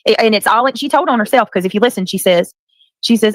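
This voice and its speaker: A woman hosts a live stream and tells stories with dramatic energy. Her voice sits at a middle pitch and sounds dry and close to the mic. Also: fast, dry recording. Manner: dramatic, animated storytelling.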